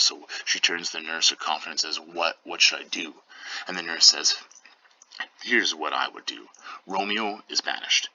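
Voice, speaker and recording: A male teacher giving a casual lesson, reading verse lines aloud and then paraphrasing them in everyday slang, relaxed and full of fillers. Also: sits low, normal speed, low-quality recording. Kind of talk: casual lesson explaining a play scene.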